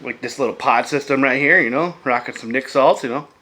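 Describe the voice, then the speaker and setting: A man casually chatting to camera as a vlogger, loose, profane and enthusiastic, often dropping to a hush. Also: medium pitch, a little fast, a little hiss or hum. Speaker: vlogger reviewing beer and vape pairings.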